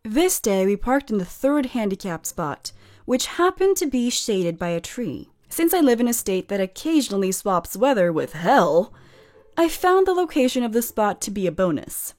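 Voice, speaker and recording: Chatty woman with a lively voice. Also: on the high side, normal speed. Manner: chatty, sarcastic asides. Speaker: story narrator. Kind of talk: reading stories with casual commentary.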